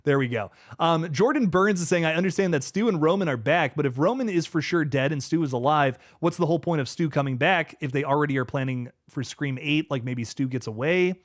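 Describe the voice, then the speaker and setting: A man's voice: fairly high pitch, brisk, hardly any pauses, no room sound, studio quality. A young man hosting a casual livestream from home, reading viewer comments aloud in a laid-back way and often repeating and restarting words. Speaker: livestream host.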